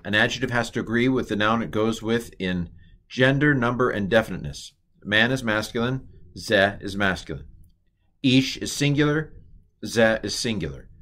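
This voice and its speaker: A man's voice: fairly low pitch, expressive, moderate pace, fairly bright tone. A middle-aged man teaching a recorded Hebrew lesson, rambling and correcting himself, quizzing the listener with questions.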